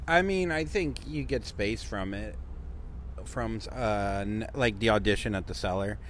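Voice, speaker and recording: A man's voice: on the low side, a little slow, a bit bright, slight background noise. A man chatting casually on a podcast in an offhand, self-deprecating way. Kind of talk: casual chat.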